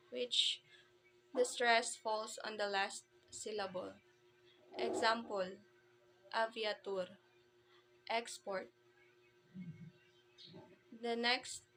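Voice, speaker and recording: A woman's voice: a little high, fairly bright tone, a little hiss or hum, poor audio. A woman presenting a language lesson, reading out terms carefully and sounding out each example. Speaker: presenter explaining Romanian phonetics. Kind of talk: slow read-aloud lesson.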